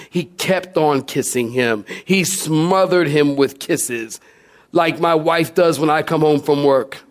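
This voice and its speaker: A man delivering a sermon to a congregation. He tells stories with humor and keeps asking the listeners questions. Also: on the high side. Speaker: pastor. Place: church before a congregation.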